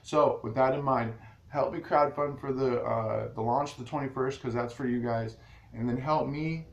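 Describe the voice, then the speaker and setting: A man's voice: medium pitch, steady tone, moderate pace, vocal fry, muffled recording. A man vlogging straight to his viewers in a rambling, casual way, restarting his sentences often. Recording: echoey room with faint ambient noise.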